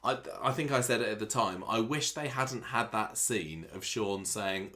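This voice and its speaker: A man co-hosting a casual podcast, his voice pitched on the low side. He talks through plot twists at length, thoughtful and chatty, with small asides. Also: normal speed, hardly any pauses, sharp tone. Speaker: podcast co-host. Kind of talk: casual recap chat.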